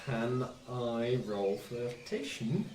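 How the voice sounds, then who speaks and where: A man's voice: medium pitch, big pitch swings, very slow, echoey room, background noise. A man playing a tabletop game in a playful, laughing way. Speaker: player. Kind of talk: casual tabletop play.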